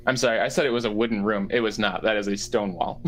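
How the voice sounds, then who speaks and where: A man's voice: lowish voice, fairly even intonation, quick pace, faint music behind, low-quality recording. A man running a tabletop game as game master, describing rooms with lots of fillers and self-corrections.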